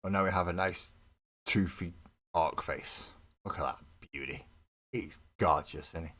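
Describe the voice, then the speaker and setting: On a live stream, a man chats casually while building a miniature model, rambling, poking fun at himself and swearing freely. His voice is low-pitched, slightly slow and a bit bright, picked up by a desk webcam setup.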